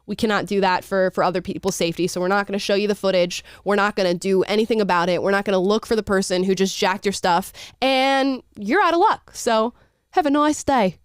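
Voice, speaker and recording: A brusque official with an Australian accent, as a woman puts him on, dismissive and falsely polite as she turns a victim away. The voice is smooth and close, with a dry sound. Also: medium pitch, brisk, no echo, natural voice.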